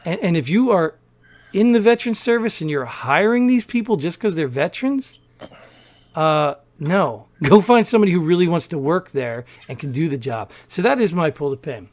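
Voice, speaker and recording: A man's voice: fairly high pitch, moderate pace. A man, podcast co-host, casually telling a story and acting out the people in it. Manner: animated storyteller, acts out quoted people.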